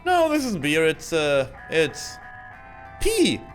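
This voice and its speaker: A man voicing a loud, cheery male office-bar owner in a video game, with an exaggerated sing-song delivery. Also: fairly high pitch, wildly swooping pitch, takes it slowly, soft background music, voice pushed up, full character voice.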